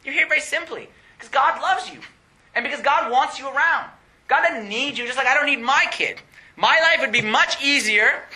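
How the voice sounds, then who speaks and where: A young man preaching a sermon in an animated way, laughing often and rising to excited highs. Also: moderate pace.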